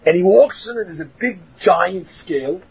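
A man teaching a religious class, telling a story with animated, shouted emphasis and acted-out voices. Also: high voice, normal speed, breathy edge. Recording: muffled lo-fi recording.

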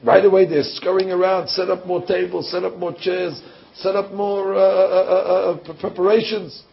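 A man with a fairly high voice tells a sermon story with lively, animated delivery. He stumbles and repeats himself, then lifts into bursts of emphasis. The recording sounds dull and lo-fi. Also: moderate pace, vocal fry, a little hiss or hum.

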